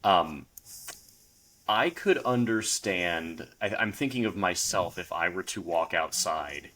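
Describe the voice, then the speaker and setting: A man hosting a podcast in a relaxed, chatty way, with frequent ums. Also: sits low, takes it slowly. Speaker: podcast host, car journalist. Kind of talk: casual podcast chat.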